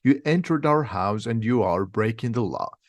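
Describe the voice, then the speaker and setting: A man playing a blustering, shouting uncle. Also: mid-range voice, expressive, normal speed, no echo, natural voice. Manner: shouting, threatening. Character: stout, blustering middle-aged uncle, fearful and bullying.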